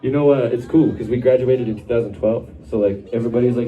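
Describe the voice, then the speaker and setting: This time his mid-range voice moves fast and sounds like it's coming through a phone. The frontman jokes aimlessly with the audience between songs at a live bar show. A distant room mic catches it over the band and crowd.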